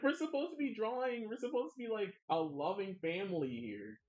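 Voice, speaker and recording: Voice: medium pitch, expressive, moderate pace, darkish tone. An adult streamer chatting casually while drawing, playfully whining and laughing a lot. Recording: dull lo-fi mic.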